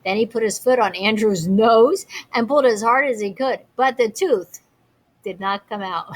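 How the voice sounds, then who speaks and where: A teacher woman reading a picture book aloud to young children, her voice a little high and expressive. She breaks off for chatty asides and questions. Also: moderate pace.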